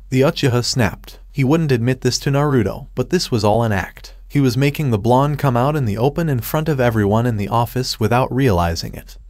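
A man narrating a fan-fiction story in a steady, even reading voice. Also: medium pitch, fairly quick, hardly any pauses, no room sound, clean studio sound.

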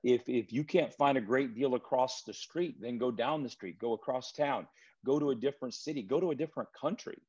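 A man speaking as a guest property trainer in a relaxed interview, telling stories with frequent restarts. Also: medium pitch, fairly quick, slightly rough. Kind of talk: casual interview chat. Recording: dull lo-fi remote recording.

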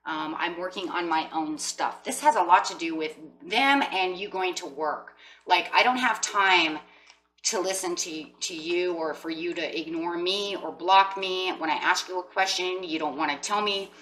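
A woman's voice: lowish voice, moderate pace, a bit bright, far from the mic, a little hiss or hum, low-quality recording. A woman giving a chatty tarot reading, acting out what people might say. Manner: chatty, acts out quoted voices with emphasis. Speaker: tarot reader.

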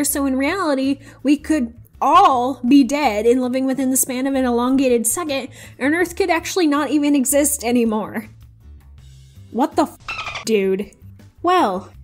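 Woman host, high voice, reads posts with sarcastic quips; faint music underneath. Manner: wry, playful sarcastic asides. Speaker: YouTube host. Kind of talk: reading out posts with casual commentary.

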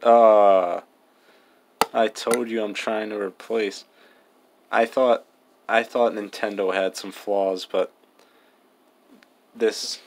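A young man talks his way through a video game, mumbling jokes and swearing as he goes. His voice sits low and gravelly, with plenty of vocal fry. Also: fairly bright tone. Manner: mumbled, joking, profane. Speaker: gaming vlogger. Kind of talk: casual gameplay commentary.

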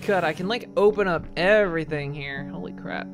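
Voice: medium pitch, fairly quick. A gamer giving curious, muttering let's play commentary, with casual swearing while exploring. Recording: voice over game music.

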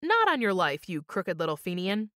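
A woman puts on a big, gruff sailor from a storybook, grumbling his words with a rough lilt. His delivery swings up and down and sounds close and dry. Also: on the low side, wildly swooping pitch, moderate pace, fairly bright tone, dry recording. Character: burly gruff Irish sailor man.

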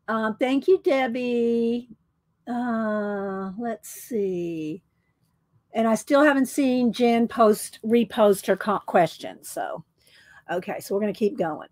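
Slow-talking woman craft streamer. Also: a little high. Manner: chatty, reads viewer comments, frequent ums and throat clearing. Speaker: craft livestream host. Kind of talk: casual livestream chat.

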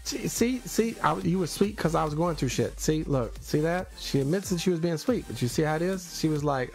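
Man, gravelly, livestream host; teasing and indignant rant. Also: on the high side, lively intonation, fairly quick, few pauses, faint music behind. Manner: ranting, teasing, exaggerated indignation.

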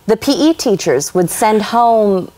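A woman from Los Angeles, a guest on a chat show, telling childhood stories in an animated, emphatic way. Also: medium pitch, a little slow. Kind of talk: casual storytelling.

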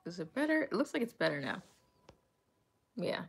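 Low gravelly-voiced woman streamer. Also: big pitch swings, normal speed. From New England. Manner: candid, answers viewer comments aloud. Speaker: livestreamer reading chat. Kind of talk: casual livestream chat. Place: underground room.

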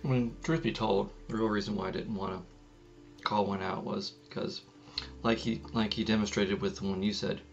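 A man's voice: fairly low pitch, steady tone, normal speed, vocal fry, muffled recording, a little hiss or hum. A man co-hosting a podcast, teasing his co-hosts in a dry way. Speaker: podcast co-host. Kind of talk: casual chat.

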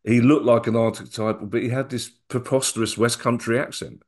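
A man's voice: mid-range voice, fairly even intonation, brisk. A middle-aged man, a guest on an interview podcast, recalling old memories in a rambling way with many restarts. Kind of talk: casual storytelling interview.

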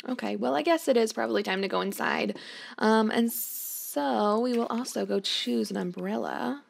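A young woman, hosting a let's play, provides gameplay commentary on a life-sim game and talks lovingly to the characters on screen. She speaks at a moderate pace in a fairly high, gravelly voice.

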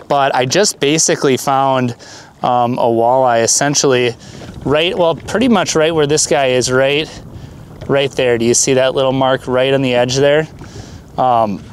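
A man of middle pitch talks through fishing tips from a boat out on the water, loose and eager, dotting his sentences with ums and uhs. A faint hiss of outdoor noise sits under his voice. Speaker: fishing vlogger. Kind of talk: casual instructional talk.

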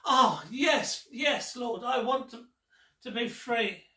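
A man's voice: very high-pitched, slow, bright, forceful tone, heavily acted. A man voicing Adam, a hesitant man answering an unseen voice. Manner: hesitant and unsure. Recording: roomy echo, distant mic.

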